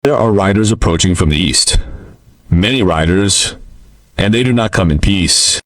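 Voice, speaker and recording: A man's voice: low-pitched, moderate pace, dry recording, lightly acted. A man voicing a brave young female archer, speaking steadily in a narrated western story. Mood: serious.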